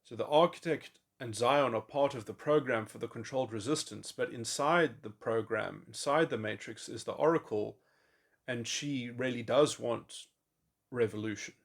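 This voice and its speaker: A man thinking aloud in a long speculative monologue, halting often and restarting his sentences. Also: medium pitch, vocal fry. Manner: musing, halting, with many restarts and fillers. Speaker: podcast host. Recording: voice memo.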